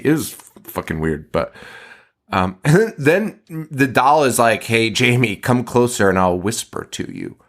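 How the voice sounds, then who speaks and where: A male podcast host, loose and animated as he recaps a horror film. His voice swings widely in pitch and breaks into laughter often. He swears freely, in an easy chatty manner. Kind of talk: casual movie recap chat.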